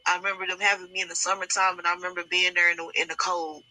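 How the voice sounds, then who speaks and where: A woman giving a halting, distressed first-person account, restarting her sentences as she relives painful memories. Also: lowish voice, little pitch movement, over a noisy crowd, poor audio. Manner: halting, hesitant, many restarts. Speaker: alleged victim giving testimony.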